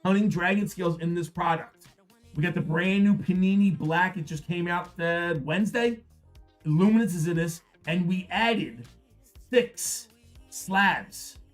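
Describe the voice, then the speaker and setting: A man hosting a live card-break stream, repeating prices and hyping the product in an upbeat sales pitch. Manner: upbeat, repetitive hype.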